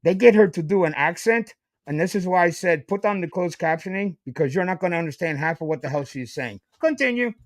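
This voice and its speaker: A man guesting on a casual commentary podcast, blunt and emphatic with plenty of swearing. His voice is high for a man. The sound is dry and close. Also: expressive, fairly quick, dry recording.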